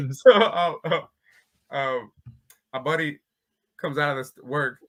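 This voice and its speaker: A man's voice: fairly high pitch, takes it slowly. A man, a fighter being interviewed, telling stories in a loose, casual way and often breaking into laughter. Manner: laughs often while talking. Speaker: bare-knuckle fighter, interview guest. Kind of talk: casual storytelling.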